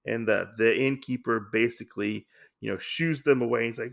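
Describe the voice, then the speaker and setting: A man casually recapping a comic story for his podcast. His voice is gravelly and bright, with a bit of fry. He rambles along loosely, with plenty of filler. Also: medium pitch, moderate pace. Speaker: podcast host.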